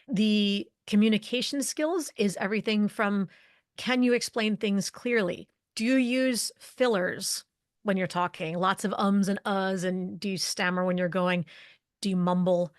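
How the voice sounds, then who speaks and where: Woman, expert guest, mid-range voice, clear explanatory delivery, dry booth sound. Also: mid-range voice, fairly even intonation, no room sound. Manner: articulate, explanatory, lists points in quick series. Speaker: guest, leadership communication expert. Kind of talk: podcast interview.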